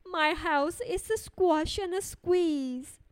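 Fields: Figure: fretful little old lady, read by a woman. Pitch: very high. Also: no echo. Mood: pleading, fretful. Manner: pleading, complaining, drawn-out sing-song.

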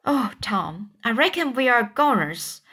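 A woman's voice: a little high, very animated, a little slow, pushed and bright, slightly rough, heavily acted. A woman voicing Huck, a timid, superstitious boy whispering in fear in a storybook reading. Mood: fearful. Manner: fearful whispering.

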